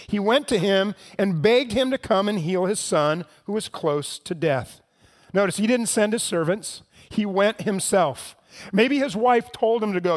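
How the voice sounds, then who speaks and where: A pastor preaches in a high, light voice, talking earnestly to his congregation. He drops to hushed tones in the tender parts and rises to impassioned pleading at the peaks. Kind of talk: sermon.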